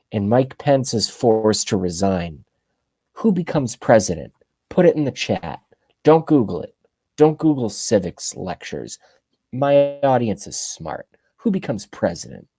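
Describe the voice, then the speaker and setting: Speaking to his chat on a political livestream, this thirty-something man delivers rambling, sarcastic rants of opinion commentary. The recording is dry, and his medium-pitched voice has a dark tone.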